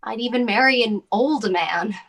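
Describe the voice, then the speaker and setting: A woman acting a gentle, caring older sister who speaks in a soft, motherly and soothing way in a stage drama. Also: on the high side, moderate pace. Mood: tender advice.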